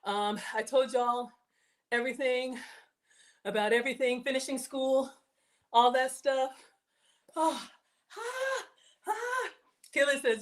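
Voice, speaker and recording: A woman's voice: sits high, lively intonation, slow, pauses often. A woman chatting casually while hosting a live cooking stream, reading viewer comments aloud and laughing often. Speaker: livestream cooking host.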